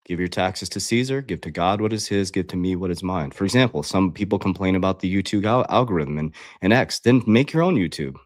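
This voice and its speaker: Speaking a little fast and hardly pausing, a man with a low, expressive voice coaches his livestream viewers, whom he addresses as "guys." The motivational talk is blunt and confrontational, full of swearing. Clean studio sound, no room sound.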